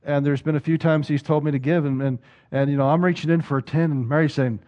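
A man's voice: on the high side, fairly even intonation, quick pace, darkish tone, muffled recording. A male pastor preaching a sermon, putting rhetorical questions to the congregation and repeating words as he drives a point home.

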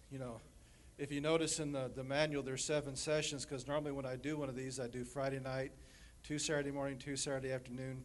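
A man preaching as guest speaker in a church, relaxed, with joking asides to the congregation. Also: mid-range voice. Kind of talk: sermon. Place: church sanctuary.

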